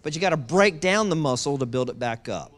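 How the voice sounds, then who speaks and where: A pastor preaching a sermon in a lively way, moving from loud excitement to hushed low tones and acting out voices with humor. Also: fairly quick. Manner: acts out quoted voices with humor.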